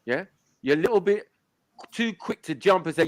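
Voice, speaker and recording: A man from London hosting a casual live panel chat, emphatic, often dropping to low murmurs. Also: lively intonation, normal speed, dry recording. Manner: emphatic, drops to low murmurs, frequent "you know what I mean".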